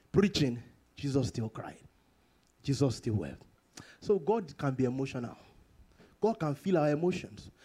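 A man preaching a sermon to his congregation, repeating phrases for emphasis and jumping into sudden high bursts and chuckles. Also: a little mellow. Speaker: pastor.

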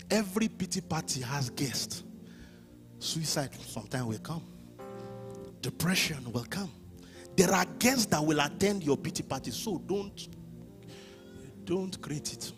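Male pastor, sermon, high bright voice, lively swings from quiet to shouting, faint music behind. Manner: impassioned preaching, swings from hushed to shouting.

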